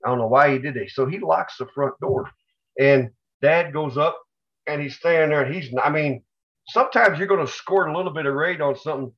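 A man co-hosting a casual podcast, telling family stories in an animated way and acting out the people in them. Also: fairly high pitch, fairly quick. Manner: animated storyteller, acts out family members with yells. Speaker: podcast co-host. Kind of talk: casual storytelling chat. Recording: dull lo-fi recording.

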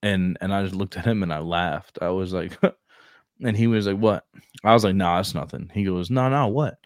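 A young man, a recruiter, tells a casual story in easy slang and gets animated as he goes. His voice is low, and the sound is dry and close. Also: normal speed, no room sound. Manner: laid-back slang, animated retelling. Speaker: Marine recruiter, co-host.

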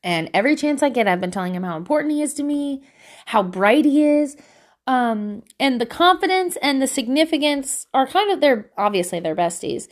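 Chatty, candid mom with a bright voice. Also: female voice, sits high, expressive, normal speed. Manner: chatty and candid, laughs often, swears casually. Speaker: parent sharing advice. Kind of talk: casual parenting vlog monologue.

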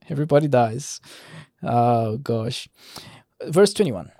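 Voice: medium pitch, lively intonation, slow pace, long pauses, mellow, no echo, clean studio sound. A Bible teacher giving a casual Bible study, reading scripture aloud and adding light-hearted, conversational commentary with frequent restarts.

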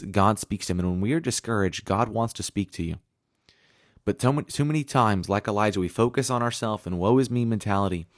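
A man's voice: lowish voice, no echo, studio quality. A man preaching a sermon in an earnest, conversational way, reading scripture aloud as he goes.

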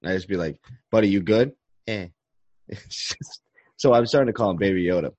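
A man in his thirties hosts a casual podcast, his voice among the deepest. He rambles along in a relaxed way and chuckles often, heard in a dry, dull lo-fi recording. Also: fairly quick, no room sound. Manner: laid-back, rambling, chuckling. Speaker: podcast host. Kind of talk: casual chat.

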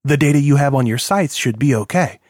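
A man playing a level-headed profiler who calmly reasons things through and asks questions, heard in a dry, close read at a middle pitch. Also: a little fast, dry recording, close to an everyday voice. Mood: reasoning. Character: calm, reasoning male criminal profiler.

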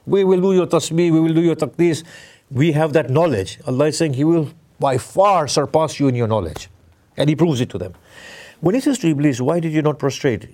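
A middle-aged man preaching a conversational sermon, putting questions to his listeners and slowing down to stress key words. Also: mid-range voice, darkish tone. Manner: questions the audience, emphatic with sudden slow stresses. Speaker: Islamic preacher.

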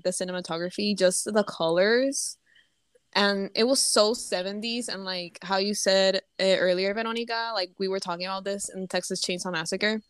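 Podcast co-host, female, smooth voice, laid-back delivery. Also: medium pitch, dry recording. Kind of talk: casual podcast chat.

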